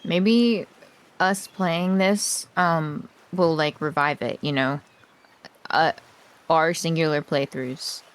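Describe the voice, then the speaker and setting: A woman's voice: low-pitched, fairly even intonation, takes it slowly, smooth. A woman streamer chatting playfully and hesitantly with a co-host, filling her talk with ums and likes. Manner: playful, hesitant, lots of fillers. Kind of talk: casual co-op game stream chat.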